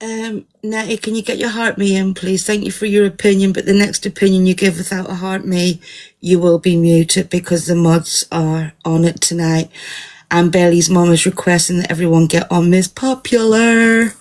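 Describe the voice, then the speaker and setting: A woman hosting and moderating a live audio room, calm and matter-of-fact. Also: fairly low pitch, normal speed. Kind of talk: casual chat.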